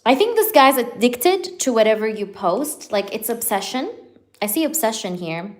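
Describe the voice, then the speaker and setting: A woman's voice: on the high side, sing-song, moderate pace. Chatty young woman reading tarot live. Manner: chatty, filler-heavy, talks straight to viewers. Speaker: tarot reader.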